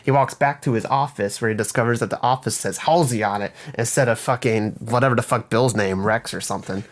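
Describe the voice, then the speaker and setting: A man's voice: medium pitch, brisk. Profane young man recapping a film plot. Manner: profane, rambling plot retelling with mock voices for characters. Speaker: podcast co-host.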